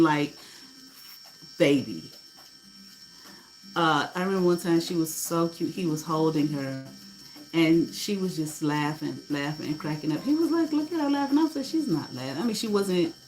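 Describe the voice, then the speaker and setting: A middle-aged woman telling a personal story in a casual way, animated, swearing freely and acting out what people said. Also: sits low, moderate pace, a little hiss or hum, low-quality recording. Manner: animated, swearing, laughing, acts out quotes. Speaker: host.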